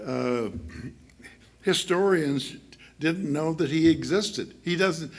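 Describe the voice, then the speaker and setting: Gravelly higher-pitched male preacher. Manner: chatty, halting with many fillers and restarts; laughs often while speaking. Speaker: church speaker. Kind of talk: sermon.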